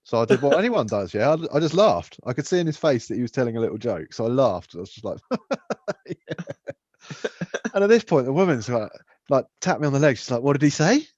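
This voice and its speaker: A young man co-hosting a podcast, telling stories with lots of swearing and animated voices. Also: medium pitch, fast, dry recording, muffled recording. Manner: swears a lot, animated storytelling. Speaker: podcast co-host. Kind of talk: casual chat.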